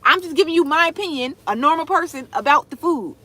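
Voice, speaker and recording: A young woman who makes food content chats casually on a livestream, talking straight to her viewers and reading out their comments. She's animated, with a high voice, and talks fast.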